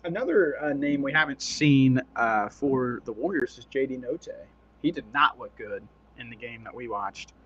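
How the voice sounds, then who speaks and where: A man doing casual, excitable play-by-play commentary on a live stream, chatty and quick to laugh. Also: mid-range voice, muffled recording, crowd noise.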